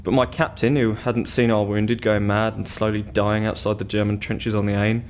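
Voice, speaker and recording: A man playing a flat-voiced, bitter WW1 officer. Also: on the low side, moderate pace, lightly acted.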